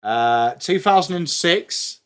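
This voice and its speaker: A man's voice: on the high side, animated, slow pace, fairly bright tone, clear, resonant tone. A young English man hosting a live sports watchalong, chatting to his viewers in a self-mocking way and reading trivia aloud. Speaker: livestream host.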